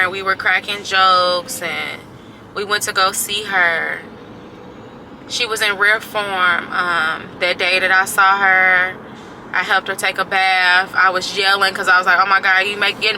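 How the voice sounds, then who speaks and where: A woman's voice: mid-range voice, sharp tone, a little hiss or hum, low-quality recording. A woman vlogging casually from her car, telling a personal story with candid, profane talk and a sore throat. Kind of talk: casual confessional vlog.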